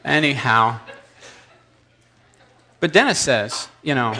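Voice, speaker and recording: Guy in his 30s preaching casual-style, bright punchy voice, lots of side comments. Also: mid-range voice, lively intonation, takes it slowly, creaky, pauses often, slight background noise. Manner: rambling, self-deprecating, full of asides. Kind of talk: conversational storytelling to a congregation.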